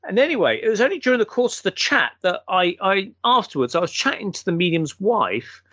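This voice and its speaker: A man, a guest, telling a long anecdote in a casual, animated way and acting out the quotes. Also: high-pitched, a little fast, no room sound.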